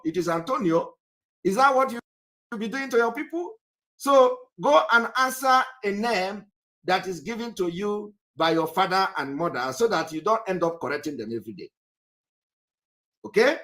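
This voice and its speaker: A man's voice: sits high, a bit bright. A man from Nigeria hosting a live online broadcast, talking straight to viewers in an emphatic, scolding way and repeating his points.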